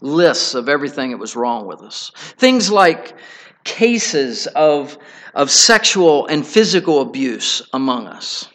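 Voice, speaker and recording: A middle-aged man preaching a sermon, telling a personal story in an earnest, halting way with many restarts. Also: a little high, sing-song, a bit bright.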